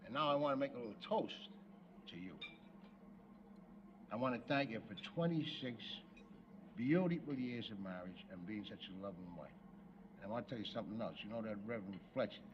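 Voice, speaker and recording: An actor playing a blustering, wisecracking middle-aged working-class husband in a 1970s sitcom, gruff and ungrammatical. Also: male voice, fairly low pitch, expressive, a little fast, pauses often, highs cut off, close to an everyday voice. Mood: tender, wry. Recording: noisy sitcom audio with laugh track.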